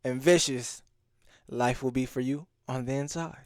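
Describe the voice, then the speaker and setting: A man's voice: medium pitch, steady tone, unhurried, very noisy. A man giving loose, slang-heavy reaction commentary on a livestream, talking straight to his viewers and restarting his sentences often. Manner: addresses the audience directly. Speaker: streamer reacting to a video.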